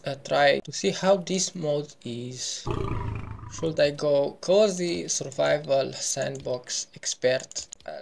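A man giving casual gameplay commentary as a YouTuber, playful and excitable, throwing in silly sound effects. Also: on the high side, vocal fry. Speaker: gaming YouTuber.

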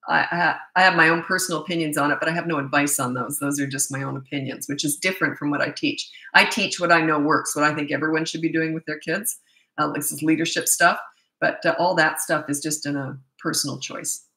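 A woman in her sixties hosts a live-stream Q&A as a parenting coach. Her voice sits fairly low but sounds bright and forceful. She talks in a chatty, candid way, wandering into asides, and her voice rings in a roomy, echoey space. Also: steady tone, brisk. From North America. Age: 60s. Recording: echoey room.

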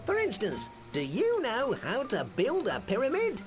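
A woman's voice: fairly high pitch, wildly swooping pitch, normal speed. A woman voicing an eager boy guide character in a children's game, chirpy and instructive. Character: cheerful pirate-gear boy guide character. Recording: game music under the voice.

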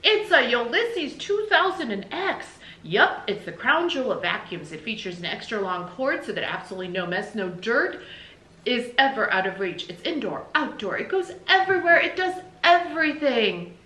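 A woman reading aloud, voicing an eager husband who proudly pitches a vacuum cleaner like an advert. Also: big pitch swings, moderate pace, sharp tone, reverberant. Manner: boastful, pitching like an ad. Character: eager salesman-like husband, middle-aged man.

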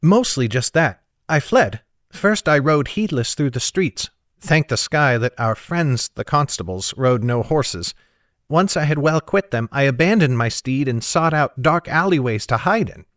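A man's voice: mid-range voice, animated, fairly bright tone, no echo, studio quality, voice pushed up. A man reading an audiobook, voicing an anxious, proud young noblewoman in a raised voice. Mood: recounting. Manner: anxious, proud, quick to snap. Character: frightened young noblewoman on the run.

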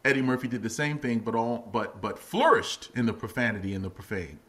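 A middle-aged man talks as a guest on a casual podcast, swinging his pitch up and down as he tells stories about his stand-up. His voice is bright and forceful, and he laughs easily between lines. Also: brisk. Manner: animated, acts out quotes in a much higher voice, laughs often. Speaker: guest comedian and actor. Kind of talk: casual podcast interview storytelling.

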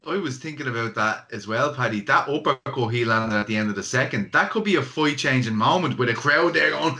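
Man, casual chat, eager, probing, filler "like", mid pitch. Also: fairly quick, sharp tone. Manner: eager, asks probing questions, lots of "like". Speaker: guest MMA journalist.

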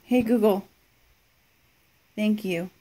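A woman speaks in an unhurried, drawn-out way as she reviews a gadget at home. Her voice sits mid-range, and she addresses the speaker with dry amusement. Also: mid-range voice, warm tone. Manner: talks slowly to a smart speaker, dry amused. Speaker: product reviewer.

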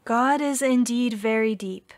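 A woman reading the part of a wise, ancient female turtle, speaking slowly and gently. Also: a little high, natural voice. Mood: solemn. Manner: slow, gentle and measured.

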